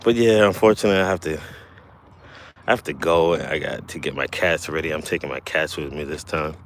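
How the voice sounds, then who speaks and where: A livestream host with an extremely deep voice talks fairly quickly next to his kayak. Slightly out of breath, he rambles along, keeps correcting himself, and laughs a lot, with faint noise in the background.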